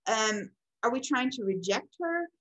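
Lady teaching a class, kinda high voice, rambly and chatty, lots of ums. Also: animated, unhurried, fairly bright tone, poor audio. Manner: conversational, rambling with fillers and self-corrections. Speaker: instructor. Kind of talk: casual recorded lecture.

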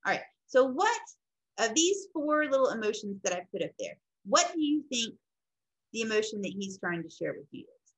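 A woman's voice: fairly high pitch, sing-song, moderate pace, husky, low-quality recording. A middle-aged woman teaching counseling skills in a classroom lecture, acting out client and counselor examples as she explains. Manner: explains, then acts out client and counselor lines. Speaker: counseling instructor.

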